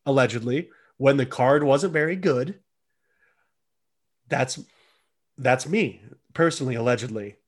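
A man's voice: mid-range voice, measured pace, long pauses, slightly rough. A man co-hosting a casual podcast chat, joking around and laughing often. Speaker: podcast co-host.

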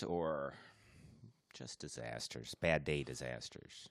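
A male podcast co-host with a very low voice that rises and falls animatedly. He talks in a chatty, joking way, recorded dry and close. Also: animated, normal speed, creaky, a bit bright, no room sound. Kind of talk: casual podcast chat.

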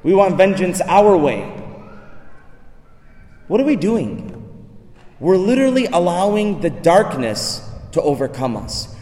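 A man's voice: high-pitched, big pitch swings, a little slow, pauses often, dark tone. A man preaching a sermon, telling a story and asking the listeners rhetorical questions. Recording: echoey hall.

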